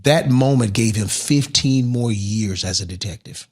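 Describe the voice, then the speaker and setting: A middle-aged man, a guest in an interview, telling his life story with lively swells and sudden quiet drops. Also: on the low side, unhurried, husky. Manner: animated storyteller who drops to a hush at emotional moments. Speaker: interview guest, motivational speaker.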